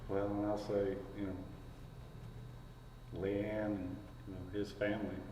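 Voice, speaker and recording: A man, a fire chief, speaking haltingly and heartfelt about a lost colleague. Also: on the low side, flat delivery, dark tone. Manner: halting, heartfelt, slow pauses. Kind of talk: casual remembrance. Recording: echoey hall from far off, clear background noise.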